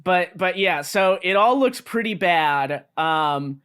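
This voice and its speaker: A man's voice: high-pitched, lively intonation, slow, a bit bright, smooth. A man co-hosting a casual podcast, retelling a story with many fillers and restarts. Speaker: podcast co-host explaining the story. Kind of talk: casual chat.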